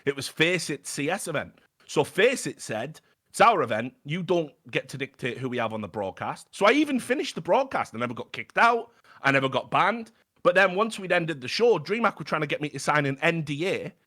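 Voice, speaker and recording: Animated British man telling a story. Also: fairly high pitch, a little fast. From Britain. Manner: animated, swears freely, stammers and restarts. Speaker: podcast guest. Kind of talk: casual storytelling chat.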